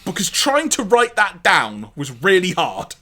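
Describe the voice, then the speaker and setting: A man co-hosting a podcast, recapping an episode in a casual, animated way with wry asides and laughs. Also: high-pitched, a little slow. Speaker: podcast co-host.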